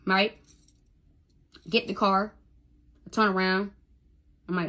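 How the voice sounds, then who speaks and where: A woman's voice: medium pitch, steady tone, normal speed, long pauses, pushed and bright. A young woman on a phone livestream, talking emotionally, stammering, repeating herself and swearing. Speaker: social media livestreamer.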